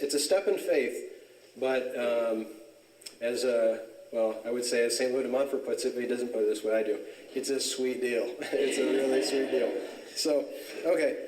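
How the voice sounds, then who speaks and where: A man from Southern California tells personal stories in a casual religious talk, easygoing and full of fillers and chuckles. His voice carries through a reverberant church. He is picked up from some distance away from the mic. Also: medium pitch. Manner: relaxed storyteller, frequent fillers and chuckles.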